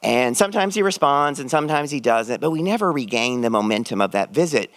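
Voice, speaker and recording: A middle-aged man telling a personal story on stage, expressive and shooting his voice up when excited. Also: mid-range voice, a little fast, no room sound. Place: stage at a live event.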